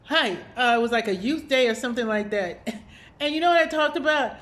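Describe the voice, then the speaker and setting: A woman's voice: a little high, expressive, brisk, a bit bright. A woman hosting a spiritual video series, telling a personal story in a casual, reflective way with many fillers and small laughs.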